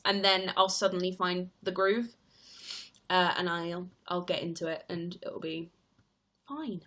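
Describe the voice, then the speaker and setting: With a medium-pitched voice that sounds pushed and bright, a young woman who acts on stage and streams online chats loosely, reading out viewer comments and saying "like" over and over.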